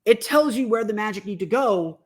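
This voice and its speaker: A man's voice: high-pitched, animated, a little fast. A man hosting a solo sports podcast, thinking aloud with frequent restarts and fillers. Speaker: podcast host.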